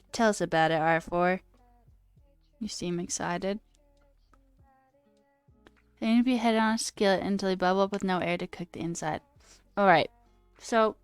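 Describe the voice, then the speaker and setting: A woman chats casually on a stream, rambling through chat messages with frequent laughs and the odd swear. Her voice is smooth and clear, recorded dry and close on a desk mic, with faint music playing underneath. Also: medium pitch, no room sound.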